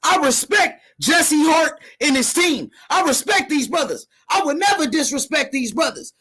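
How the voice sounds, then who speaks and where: A man from a boxer's camp loudly calling out an opponent in hyped, profane, repetitive trash talk. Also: extremely high pitch, expressive, normal speed. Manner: loud, repetitive, profane rallying.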